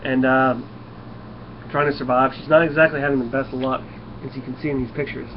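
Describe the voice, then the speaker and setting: A man talks through a comic book in a loose, rambling review, with a medium-pitched voice that now and then stumbles over words. The recording sounds a bit dull and lo-fi, with a faint hiss underneath. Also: little pitch movement, a little fast. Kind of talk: casual video review.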